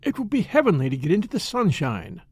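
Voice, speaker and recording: A man's voice: sits high, sing-song, quick pace, husky, dry recording, clean studio sound, exaggerated voice. A man reading aloud, voicing a wealthy, spoiled young woman who is restless and distressed and talks in an eager, pleading way. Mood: chatty.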